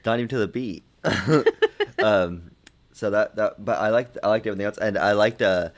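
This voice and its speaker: A man's voice: on the low side, normal speed. A man co-hosting a casual film chat, easygoing with lots of filler words.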